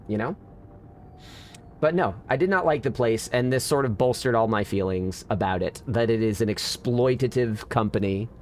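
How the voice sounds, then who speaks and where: A man's voice: medium pitch, a little hiss or hum. A man streamer in casual live-stream chat, venting candidly to his viewers with frequent restarts.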